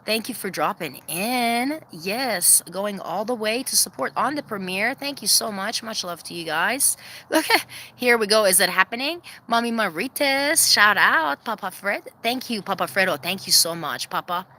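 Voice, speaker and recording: A woman chatting casually on a livestream from her backyard coop, laughing often, giving viewers shout-outs and calling to her hens. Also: lively intonation, normal speed. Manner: calls to her hens in a very high sing-song voice. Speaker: vlogger hosting a livestream premiere. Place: outdoors in a backyard by the chicken coop.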